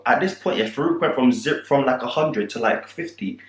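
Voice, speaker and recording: Animated young man telling a story. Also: mid-range voice, normal speed. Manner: animated, laughing, slangy. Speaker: vlogger. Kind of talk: storytime vlog. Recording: roomy echo.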